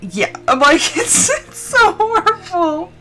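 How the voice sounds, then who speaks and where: A woman streamer chatting casually and expressively while playing a game, full of fillers and quick laughs. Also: extremely high pitch, big pitch swings, pushed and bright, faint music behind. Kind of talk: casual chat while gaming on a live stream.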